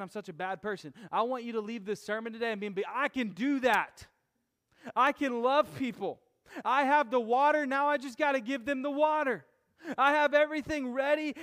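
A pastor with a very high-pitched voice preaches a sermon, speaking casually and joking at times before building to emphatic shouts.

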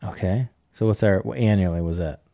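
In this rich podcast chat, a middle-aged man explains things in an animated, chatty way, acting out little bits of dialogue. His voice sits on the low side, and the sound is close and dry. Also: normal speed, no echo. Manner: animated, acts out dialogue, chuckles often. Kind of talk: casual podcast conversation.

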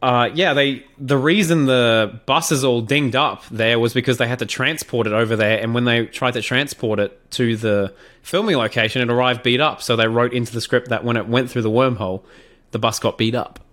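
A man with an Australian accent, co-hosting a podcast in relaxed, joking chat. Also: medium pitch, brisk. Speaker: podcast co-host. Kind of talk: casual chat.

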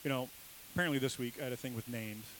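A man's voice: medium pitch, rapid-fire, fairly bright tone, a little hiss or hum, low-quality recording. A man preaching a sermon in a casual, conversational way, quizzing his listeners and acting out the people in the story with sudden bursts of emphasis. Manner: conversational, asks the congregation questions; acts out quoted voices with bursts of emphasis. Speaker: pastor.

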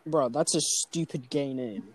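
A man's voice: mid-range voice, measured pace. A young man hosting a casual podcast chat with friends, crudely joking and mock-reading news headlines. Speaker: podcast host. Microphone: home computer microphone. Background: wind noise on mic.

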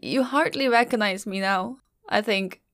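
A middle-aged woman narrating a first-person story in a quiet, measured, grieving way. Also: medium pitch, no room sound, studio quality.

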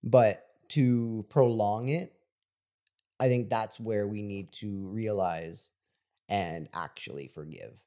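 A man co-hosting a casual podcast with a very deep, mellow voice. He talks in a calm, measured way and is quick to agree. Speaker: podcast co-host.

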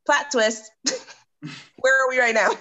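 A woman's voice: sits high, steady tone, a little slow, pushed and bright. A woman co-hosting a podcast in casual chat, blunt and chatty, with lots of "like" in her talk. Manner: blunt, chatty, uses fillers like "like". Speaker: podcast co-host. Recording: dull lo-fi sound.

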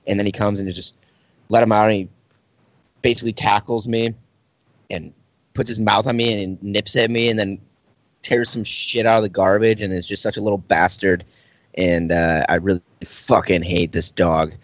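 Low-voiced man ranting profanely. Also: steady tone, moderate pace, no echo. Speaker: podcast co-host. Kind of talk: casual chat, ranting. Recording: dull lo-fi dry audio.

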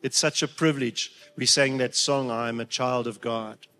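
A man's voice: mid-range voice, steady tone, moderate pace, a bit bright, soft background music. A man delivering a sermon to his congregation. He speaks with heartfelt emotion, stumbling over restarts and then building to emphatic peaks. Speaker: preacher.

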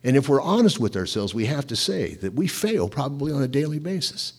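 A middle-aged pastor preaching in a lively, conversational way, asking his listeners rhetorical questions. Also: mid-range voice, fairly quick, slightly rough. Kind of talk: sermon.

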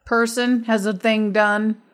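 A woman's voice: a little high, flat delivery, takes it slowly. A woman from the Midwest, co-hosting a movie podcast in chatty, teasing conversation. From American Midwest. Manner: laughing often, chatty and teasing. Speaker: podcast co-host. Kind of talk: casual movie podcast chat.

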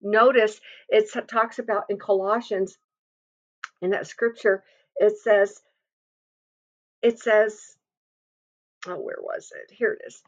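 A woman's voice: medium pitch, steady tone, slow pace, long pauses, lo-fi sound. A woman giving an earnest, confiding devotional sermon, reading scripture and speaking from personal experience with frequent restarts.

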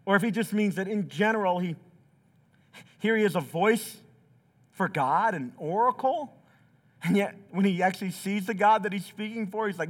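A man's voice: high voice, normal speed. A pastor preaching a sermon in a church, acting out quotes with big swings in his voice. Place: church sanctuary.

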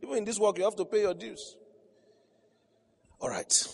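Speaking at a normal pace with a high voice and some vocal fry, a male pastor tells stories in his sermon. Frequent laughter punctuates his delivery as he climbs toward emphatic peaks, and the hall around him reverberates.

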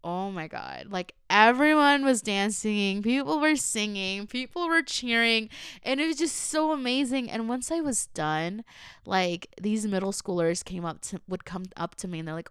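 A woman's voice: mid-range voice, lively intonation, normal speed, a bit bright, clear, resonant tone, no echo, clean studio sound. A young woman hosting her own podcast, casual and earnest, chatting lots of "like" and slipping into phrases. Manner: emotional and earnest. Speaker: podcast host. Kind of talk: casual solo podcast chat.

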